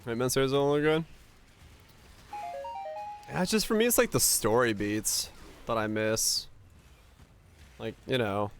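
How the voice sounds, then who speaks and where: A man's voice: mid-range voice, measured pace, long pauses, soft background music. A man streaming live, rambling casually to his viewers with lots of filler words. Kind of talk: casual livestream chat with viewers.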